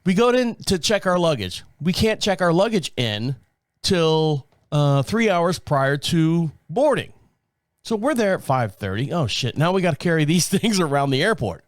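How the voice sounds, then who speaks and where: A man's voice: on the high side, normal speed, dry recording, clean studio sound. A man hosting a podcast, telling a casual story with lots of swearing and laughter. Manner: animated, profane, laughs often. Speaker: podcast host.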